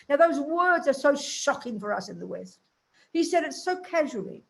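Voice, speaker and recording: A woman's voice: high-pitched, sing-song, moderate pace, gravelly. A woman Buddhist nun giving a teaching talk in a blunt, emphatic, colloquial way.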